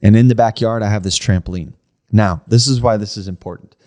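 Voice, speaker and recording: A man's voice: lowish voice, brisk, a little mellow. A man co-hosting a comedy podcast, telling a story casually and often saying "like" and "right?". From New Jersey, USA. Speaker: podcast co-host. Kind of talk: casual chat.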